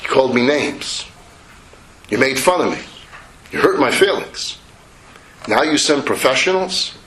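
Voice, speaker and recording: A naive young son, earnest and pleading, eager to please his father, as a storyteller voices him. The voice sounds bright and ringing. It echoes in a roomy hall over faint noise. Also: medium pitch, lively intonation, a little slow, pitched below the performer's own voice. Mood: indignant.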